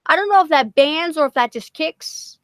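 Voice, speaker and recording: A woman's voice: sits high, lively intonation, normal speed, dry recording. A woman hosting a casual livestream, talking bluntly with lots of swearing and frequent laughter. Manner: blunt, profane, laughs often. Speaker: livestream host.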